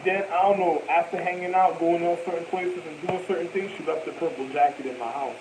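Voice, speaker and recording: A young man with a fairly high voice tells a long story in an animated, rambling way. He drops frequent street slang and profanity and keeps repeating himself. A faint hiss runs underneath the talk. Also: a little fast. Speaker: vlogger.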